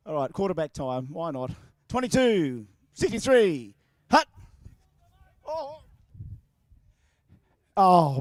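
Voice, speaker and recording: Australian male event announcer, high-pitched, jokey with the crowd, handheld mic outdoors. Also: a little mellow, no echo. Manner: chatty and jokey, calls out to the crowd. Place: outdoors at a racetrack. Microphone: handheld microphone and horn speaker.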